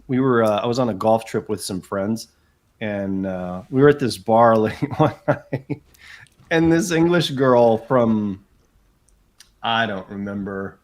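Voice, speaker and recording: A man, a guest telling animated anecdotes in a casual chat, with frequent asides. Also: lowish voice, measured pace. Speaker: guest author. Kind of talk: casual storytelling.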